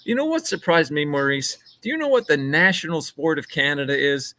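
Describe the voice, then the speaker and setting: A man chatting live on a casual podcast with a lively, swooping voice that rises and falls as he talks. He laughs often and tosses in asides. The sound is close and dry, with little room around it. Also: fairly high pitch, brisk, dry recording. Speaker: podcast co-host. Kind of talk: casual live-stream chat.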